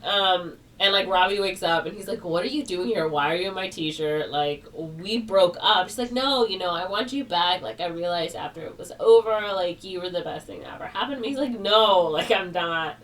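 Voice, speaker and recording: A woman's voice: on the low side, expressive, a little fast, few pauses, fairly bright tone. A woman co-hosting a podcast, casually retelling a plot in a rambling way, full of "like" and "or whatever". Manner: rambling, heavy on fillers like "like" and "or whatever". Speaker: podcast co-host. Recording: distant mic with faint background noise.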